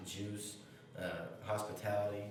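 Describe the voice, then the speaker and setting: A man rambles casually and swears as a comedy podcast co-host. His voice is mid-pitched and comes from some way off the mic. Heavy room echo and a faint hiss sit under it. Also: monotone, measured pace, distant mic. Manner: laid-back, rambling, swearing. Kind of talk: crude comedic podcast banter.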